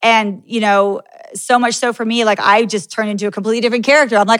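Woman podcast host, kinda high voice, laughs a lot, swears, super dry close sound. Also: fairly even intonation, quick pace, a bit bright, dry recording. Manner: candid, swears, laughs often. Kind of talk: casual interview chat.

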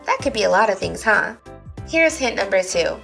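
A woman's voice: mid-range voice, big pitch swings, normal speed, vocal fry, a bit bright, soft background music. A woman hosting a children's reading show, quizzing her young listeners in a bubbly way. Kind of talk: upbeat kids' show hosting.

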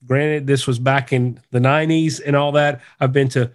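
A man's voice: medium pitch, steady tone, normal speed. A man co-hosting a podcast in casual, rambling, enthusiastic chat. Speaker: podcast co-host.

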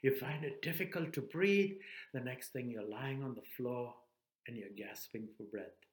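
Male preacher, earnest storyteller, dramatic pauses, reverberant room. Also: mid-range voice. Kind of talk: sermon.

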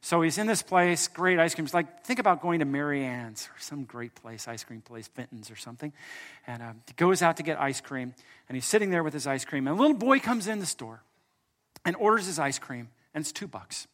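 A man preaching a sermon as pastor, telling a story, swinging from loud emphatic lines to soft hushed ones and joking with his congregation. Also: fairly high pitch, lively intonation, brisk. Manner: jokes with the congregation.

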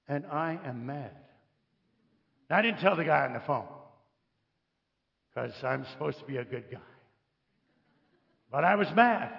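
Unhurried and prone to long pauses, this American guest preacher tells funny stories and asks the congregation questions in an animated sermon. The fairly high voice carries vocal fry, captured in dull audio.

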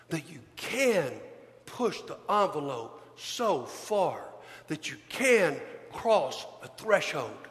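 A man preaching a sermon as pastor, pleading earnestly and swinging between hushed and loud passages. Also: very high voice. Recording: long hall reverb.

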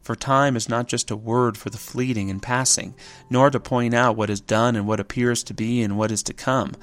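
A man's voice: mid-range voice, steady tone, moderate pace. A man giving a reflective spoken essay, thoughtful and contemplative, who often poses rhetorical questions.

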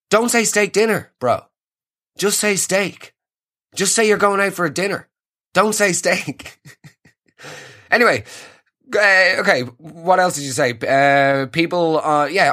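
A man's voice: on the high side, bright, forceful tone. An Irish man hosting a comedy podcast, ranting sarcastically and riffing on listener messages. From Ireland. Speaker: podcast host. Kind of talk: comedic rant.

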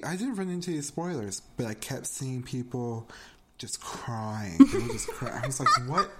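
A woman co-hosting a casual chat podcast, animated, laughing often and swearing freely. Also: rumbling low. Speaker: podcast co-host.

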